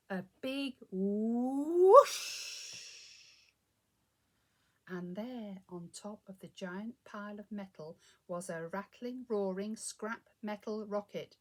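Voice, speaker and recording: A woman reading a children's picture book aloud, expressive and inviting listeners to join in. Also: medium pitch. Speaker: storyteller.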